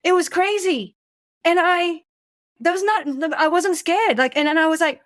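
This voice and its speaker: A woman in her forties, a podcast guest speaking candidly in casual conversation, halting often with fillers and restarts. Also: extremely high pitch, dry recording. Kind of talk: casual conversation, personal storytelling.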